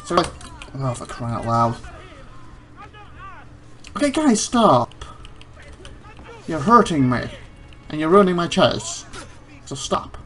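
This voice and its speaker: A man's voice: on the high side, lively intonation, normal speed, long pauses, bright, forceful tone. A man hosting a let's play, commenting live and exclaiming in frustration at the game.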